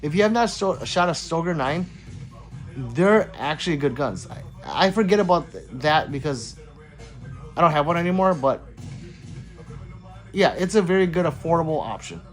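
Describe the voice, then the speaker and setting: A man with a fairly high, animated voice hosts a casual livestream, reading out viewer comments and answering them with easy laughs. Faint music plays low behind him. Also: normal speed, long pauses. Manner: chatty, laughs often, reads comments aloud in a lively voice. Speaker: livestream host reading chat.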